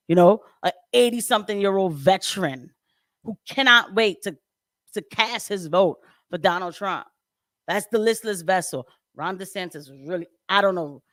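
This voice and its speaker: A woman hosting a casual political commentary livestream. She talks in an animated, chatty way, laughs often and leaps up in pitch. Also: dry recording, clean studio sound. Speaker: livestream host.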